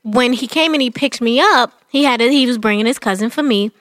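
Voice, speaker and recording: A young woman co-hosting a casual chat, chatty and quick to laugh. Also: on the high side, fairly bright tone, no echo, clean studio sound. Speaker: podcast co-host.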